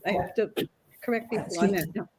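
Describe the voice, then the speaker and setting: A woman telling family stories in an excitable, rambling way, losing her train of thought. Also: mid-range voice, fast talker, poor audio. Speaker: guest author. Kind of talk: casual chat.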